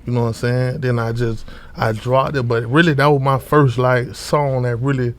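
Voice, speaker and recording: A man's voice: mid-range voice, level tone, normal speed. A young man from Orlando, a rapper guest, talking loosely in street slang with many fillers and repeated words. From Orlando, Florida. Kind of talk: casual interview talk.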